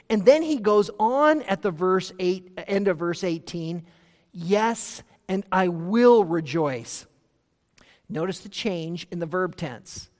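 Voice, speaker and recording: A man preaching an expository sermon as pastor. He is emphatic, swings from loud to hushed, and slows down to read scripture aloud. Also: sits high. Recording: long reverb of a large hall.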